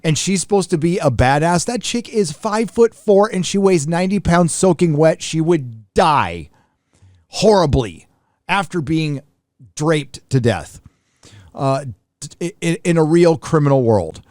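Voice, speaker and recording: A man's voice: fairly high pitch, animated, measured pace, darkish tone, dry recording, studio quality. A man hosting a live stream, reading out viewers' donation messages and giving short offhand replies in casual chat. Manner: reads superchats aloud then comments offhand.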